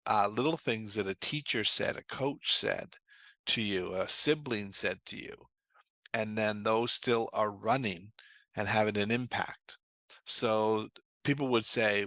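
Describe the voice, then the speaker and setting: Bright, dry-voiced man explaining trauma therapy. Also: lowish voice, unhurried, no echo. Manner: earnest, explanatory, tells anecdotes. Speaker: trauma therapist, interview guest. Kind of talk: conversational interview storytelling.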